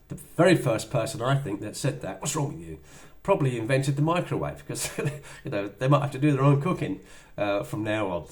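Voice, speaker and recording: A man's voice: mid-range voice, a little mellow. A middle-aged man giving a motivational sales talk in a chatty way, acting out little dialogues as he goes. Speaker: business trainer.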